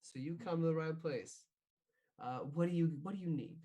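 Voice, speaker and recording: A man's voice: on the high side, moderate pace, dark tone, natural voice. A man voicing a brash, friendly, foul-mouthed woman shopkeeper with a drawling way of talking, in a tabletop game. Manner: drawling, swears casually.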